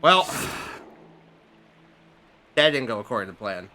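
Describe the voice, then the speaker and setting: A man's voice: mid-range voice, big pitch swings, unhurried, sharp tone, faint music behind. A man streaming a game live, joking, swearing and muttering to himself as he plays. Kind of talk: live gameplay commentary.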